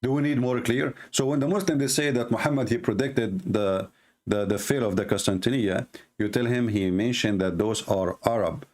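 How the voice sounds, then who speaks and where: Hosting a live debate show, this native Arabic speaker argues with emphasis, repeats phrases and slows down to stress key points. His Arabic-accented voice is mid-range with a darkish tone.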